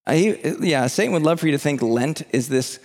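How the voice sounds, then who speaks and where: Pastor, male, gravelly fervent preacher, higher register, long hall reverb. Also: expressive, normal speed. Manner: impassioned preaching, rising to near-shouts at the climax. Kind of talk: sermon.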